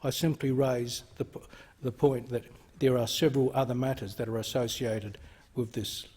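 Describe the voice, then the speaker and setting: A man with an Australian accent, a member of parliament giving a measured, formal speech in the chamber and stressing key words. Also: mid-range voice, fairly even intonation, darkish tone, slightly rough.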